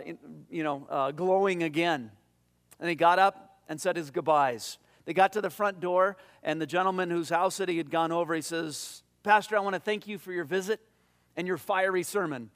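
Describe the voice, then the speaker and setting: A man preaching a sermon to his congregation, telling stories and reading scripture aloud, often dropping softer and slower for quoted lines. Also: high-pitched. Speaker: pastor.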